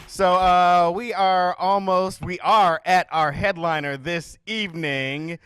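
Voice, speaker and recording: A man's voice: high-pitched, fairly even intonation, slow pace, few pauses, a bit bright, faint music behind. A man emceeing a comedy show, introducing acts in a playful, joking hype style. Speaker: host. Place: comedy stage.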